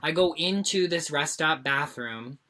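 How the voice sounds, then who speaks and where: Low-voiced woman telling a story. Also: measured pace. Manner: animated storytelling, swearing freely. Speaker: podcast co-host. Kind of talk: casual chat.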